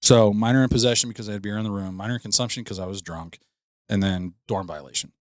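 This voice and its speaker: A man's voice: fairly low pitch, fast talker, no echo, studio quality. A young man co-hosting a podcast, telling a profane, rambling story full of fillers into a podcast mic. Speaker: podcast co-host. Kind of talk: casual storytelling.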